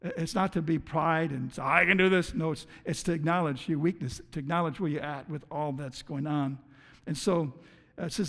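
A man with a notably high voice preaches a sermon to his church. He speaks earnestly, often tripping over and repeating words before pressing on. A long hall reverb trails every phrase. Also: a little fast, vocal fry, a bit bright. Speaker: pastor.

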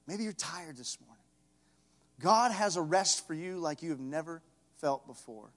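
A man preaching a sermon in a church, swinging from soft conversational asides to loud impassioned calls. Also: expressive, normal speed. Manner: building to loud impassioned calls, then dropping low. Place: church sanctuary. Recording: echoey church hall.

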